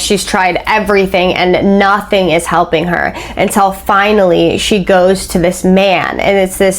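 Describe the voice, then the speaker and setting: A woman casually retelling someone else's story, chatty, with many fillers, acting out the quoted speech. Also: lowish voice.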